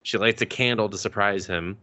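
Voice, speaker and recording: Male podcast co-host: deep, bright, rambling casual recapper who quotes characters and chuckles. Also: fairly quick. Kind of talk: casual chat recapping anime episodes.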